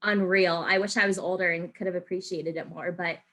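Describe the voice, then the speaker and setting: A woman's voice: fairly low pitch, fairly even intonation, fairly quick, fairly bright tone. A woman hosting a podcast interview, chatting casually and gushing with enthusiasm. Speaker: podcast host.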